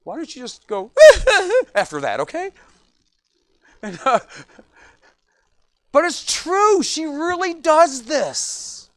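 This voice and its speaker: In a high, lively voice that swoops up and down, a male pastor gives an evening sermon, taking his time and pausing often. He performs quoted people's lines in short voices, captured in a close, dry recording without echo.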